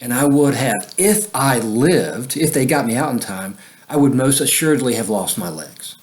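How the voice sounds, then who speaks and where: A man with a mid-pitched voice tells a personal story in a loose, rambling way. He leans on fillers and chuckles often as he talks. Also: expressive, normal speed.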